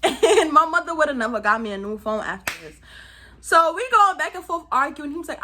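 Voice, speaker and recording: Young woman, New York accent, bright tense voice, slangy animated storytime. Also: high-pitched, fairly quick, a little hiss or hum. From Brooklyn, New York. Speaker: vlogger. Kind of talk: casual storytime.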